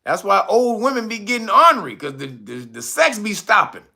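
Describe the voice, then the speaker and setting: A man's voice: high-pitched, sing-song, brisk, vocal fry, sharp tone. A man hosting a livestream, reading a news item and riffing on it with crude jokes, laughing often and greeting viewers in the chat. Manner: laughs a lot, crude and rambling, reads chat names aloud. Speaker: livestream host. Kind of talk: loose comic commentary on a livestream.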